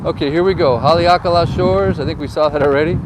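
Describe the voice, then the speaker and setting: A man's voice: a little high, fairly even intonation, fast talker. A man giving casual, joking tour commentary while driving, filmed on a phone. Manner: chatty, jokey, tells anecdotes. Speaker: real estate agent vlogger. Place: in a car driving outdoors. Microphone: phone camera. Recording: windy outdoor phone recording. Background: wind and traffic noise.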